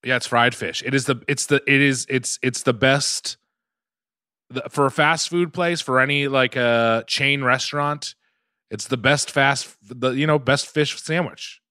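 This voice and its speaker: A man co-hosting a podcast, chatting casually about fast food and reacting with short exclamations. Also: medium pitch, steady tone, sharp tone, smooth, dry recording, clean studio sound. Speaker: podcast co-host. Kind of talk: casual comedic food review chat.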